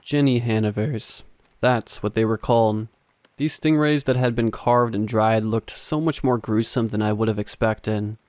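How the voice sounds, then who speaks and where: A man narrating first-person horror stories in a steady, grave, scripted storytelling manner. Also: on the low side, moderate pace.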